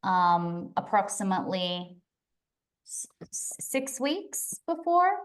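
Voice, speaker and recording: A woman's voice: medium pitch, sing-song, takes it slowly. A woman astrologer in a casual chat, thinking aloud with fillers and self-corrections. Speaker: astrologer guest.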